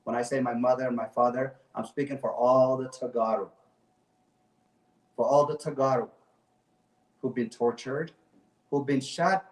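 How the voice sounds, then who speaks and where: A man's voice: mid-range voice, echoey room, far from the mic, rough recording. Passionate man speaking off-mic. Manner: passionate, emphatic, repeats phrases. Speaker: guest activist. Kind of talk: impassioned talk show speech.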